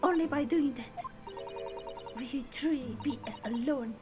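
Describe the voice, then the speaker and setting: A woman reading game dialogue aloud as a polite, formal young Japanese woman, soft and measured. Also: high-pitched, music in the background. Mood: gently reproachful.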